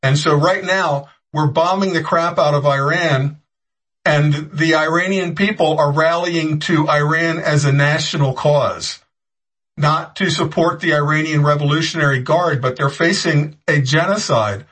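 In a low-quality recording, a man with a husky, slightly high and fairly bright voice offers heated political commentary at a measured pace and steady tone. He tends to ramble, restarts sentences often, and throws in sarcastic jabs.

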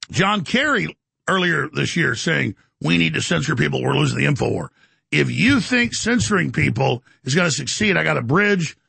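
Male talk radio host, bombastic, rapid-fire, raspy voice, pitched up. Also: bright, forceful tone, no echo. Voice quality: gravelly. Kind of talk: fast-paced talk radio monologue.

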